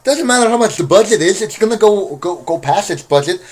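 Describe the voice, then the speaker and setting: A man giving a casual spoken movie review, rambling and excitable with many restarts. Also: sits high, a little fast. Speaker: film reviewer.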